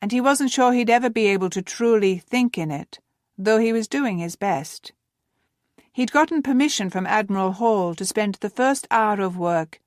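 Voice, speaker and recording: Woman calmly narrating an audiobook, dry sound. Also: medium pitch, no echo. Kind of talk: scripted narration.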